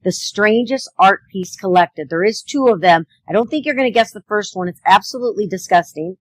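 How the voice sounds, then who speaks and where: A woman's voice: medium pitch, fairly quick, dry recording, rough recording. A woman co-hosting a live local show at an outdoor street fair, chatting casually and laughing often.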